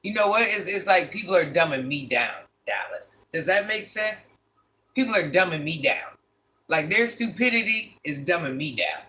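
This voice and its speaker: Animated man with bright, lively delivery. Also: a little high, moderate pace. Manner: animated, exasperated, rhetorical questions, laughs often. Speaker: livestream host reading chat. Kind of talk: casual livestream chat.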